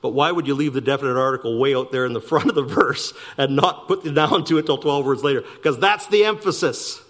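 A man preaching a sermon, slowing down to stress key words and speeding through asides. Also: medium pitch. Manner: animated preaching, slowing for emphasis and rushing asides. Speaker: pastor.

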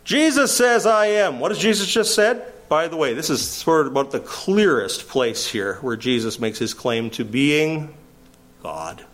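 An older man preaching a verse-by-verse sermon, animated, his voice climbing sharply when he quotes. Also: mid-range voice, unhurried.

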